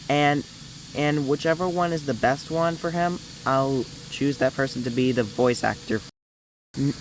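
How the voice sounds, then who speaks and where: A man's voice: fairly high pitch, slight background noise, low-quality recording. A young man hosting a casting call, talking casually in a rambling, hesitant way with many restarts. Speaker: video host running a casting call.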